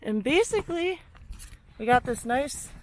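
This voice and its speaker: A woman's voice: high voice, expressive, measured pace, a little mellow. A young woman films herself outdoors beside her car, talking in a loose, chatty way. She pokes fun at herself, swears now and then, and sounds a little out of breath. Faint noise hums in the background. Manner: chatty, self-deprecating, swears and laughs while working. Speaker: vlogger. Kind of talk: casual solo tutorial vlog. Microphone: handheld camera, moving off frame.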